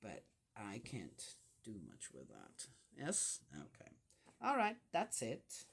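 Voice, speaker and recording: A woman's voice: extremely low pitch, wildly swooping pitch, slow, creaky. An older woman with grandchildren talking casually about family and faith, rambling with many fillers and restarts. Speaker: vlogger. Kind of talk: casual spiritual reflection.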